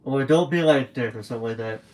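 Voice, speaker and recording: A man's voice: medium pitch, quick pace, a little mellow, rough recording. A young man streaming from home late at night, rambling through a casual story and acting out what other people said. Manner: rambling storyteller who acts out quoted people.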